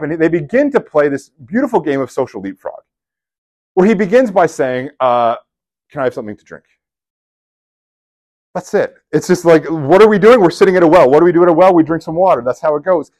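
A man preaching in a chatty, storytelling manner, his voice rising and falling widely as he leans into each point. His pitch sits a little high for a man, and he moves easily between emphasis and casual asides. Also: quick pace. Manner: animated, conversational storytelling with asides. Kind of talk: sermon.

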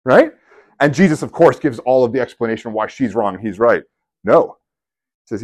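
A man giving a sermon in a conversational, animated storytelling way, with casual asides to his listeners. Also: medium pitch, moderate pace, long pauses. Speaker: preacher.

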